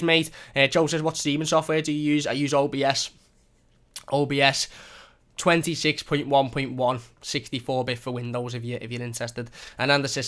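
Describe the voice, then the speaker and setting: A young man hosts a fan live stream at a brisk clip, reading comments aloud and thanking viewers again and again. His voice is bright and clear but stays flat in pitch, close on a desk mic at home. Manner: chatty, thankful, repeats phrases. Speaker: fan channel host.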